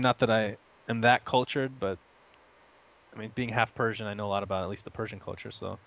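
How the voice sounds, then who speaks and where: A young man who grew up in Saudi Arabia and the United States, talking casually as an interview guest. He rambles, pokes fun at himself and laughs often. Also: on the low side. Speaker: interview guest, esports caster.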